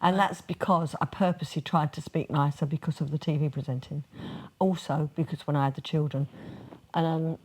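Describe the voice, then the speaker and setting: Casting: sixties woman, light Cockney, lowish voice, chatty anecdote teller. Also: steady tone, a little fast, a little mellow, slight background noise. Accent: softened Cockney. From East London. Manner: chatty, acts out quoted voices. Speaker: interview guest, singer and TV presenter. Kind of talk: casual interview storytelling.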